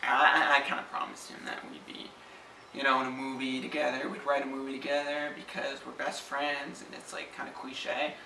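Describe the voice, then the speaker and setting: A man's voice: mid-range voice, monotone, a little fast, vocal fry, pushed and bright. A man putting on a smug, rambling actor buddy in an impression sketch. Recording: echoey room, distant from mic, faint background noise.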